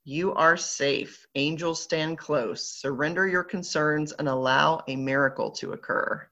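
This Southern American woman has a deep, bright voice with a forceful tone, and she takes her time. She leads a live online group as a spiritual guide, reading oracle cards aloud in an upbeat, playful chat over slightly dull lo-fi audio.

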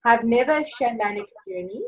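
A woman with a South African accent moderating an online class and reading out questions, talking fast and brisk. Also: fairly high pitch, lively intonation, vocal fry, low-quality recording.

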